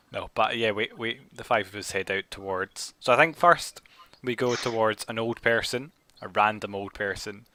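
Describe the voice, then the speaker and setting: A man's voice: fairly low pitch, a little slow. A young man playing a tabletop game, who talks casually and jokes around with the others. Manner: lively, laughing, joking. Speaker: player.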